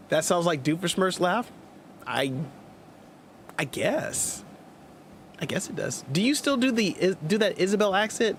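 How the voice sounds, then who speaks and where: Here a man streams games and chats with his audience, reading their messages out loud with playful jokes and sarcastic remarks. His voice is fairly high and animated but unhurried, marked by long pauses, with slight background noise.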